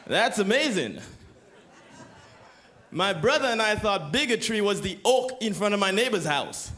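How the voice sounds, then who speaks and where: A young man from Canada performing a stand-up comedy set, with deadpan setups and excited bursts on the punchlines. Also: sits high, moderate pace, pauses often, slight background noise.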